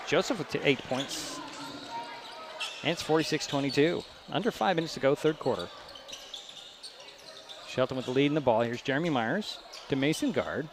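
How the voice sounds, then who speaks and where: Man calling high school basketball. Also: animated. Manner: brisk, chatty, rises at big plays. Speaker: play-by-play announcer. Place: school gym. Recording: gym noise behind broadcast mic.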